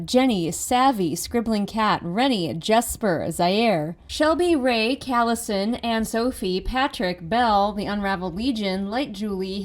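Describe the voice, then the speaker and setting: A woman picks apart a book in a sarcastic, chatty tone, leaning on filler words as she goes. Her voice sounds a bit worn. She is recorded at home, and the room gives a noticeable echo. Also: mid-range voice. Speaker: book reviewer. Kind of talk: sarcastic casual book critique. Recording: roomy echo.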